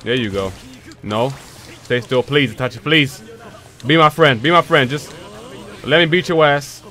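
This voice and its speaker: Male gamer, drawling profane play-by-play, bright tone. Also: medium pitch, unhurried, soft background music. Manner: profane, frustrated mutterings with sudden shouts. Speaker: gameplay commentator. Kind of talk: casual live gameplay commentary.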